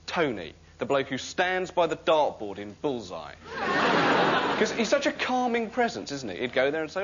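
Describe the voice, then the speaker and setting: A man delivers a rambling, wry confessional monologue. His pitch swings widely as he talks. The recording is dull, with loud noise behind him. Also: sing-song, normal speed, over a noisy crowd. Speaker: sketch comedian. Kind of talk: comic monologue before a live audience.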